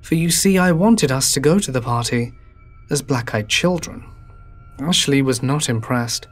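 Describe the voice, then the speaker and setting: A man narrates horror in a hushed, drawn-out way at a middle pitch. Faint music runs quietly behind him. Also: animated. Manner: low, hushed and drawn-out delivery.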